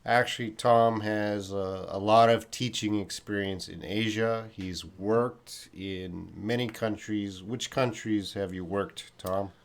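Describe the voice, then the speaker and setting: A man's voice: lowish voice, fairly even intonation, takes it slowly, hardly any pauses. A Canadian man hosting a casual English-learning live stream, reading viewer comments aloud. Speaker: host.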